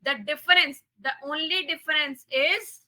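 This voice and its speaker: Speaking at a moderate pace in a high, sharp voice, a coding instructor with an Indian English accent runs a live coding lesson. She goes back over key points and makes sure her students are following. The audio is rough.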